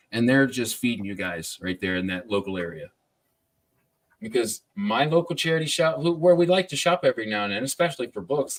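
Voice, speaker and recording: A man from the United States hosting a casual livestream chat about books, laid-back, laughing often and swearing freely. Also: mid-range voice. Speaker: podcast host.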